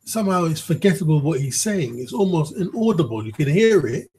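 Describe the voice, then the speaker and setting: A very husky, raspy man with a dark, mellow tone talks through a casual commentary vlog. He rambles, swears freely and keeps checking in with the listener. The delivery is loose and conversational. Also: on the high side, big pitch swings, fairly quick, rough recording. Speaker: vlogger.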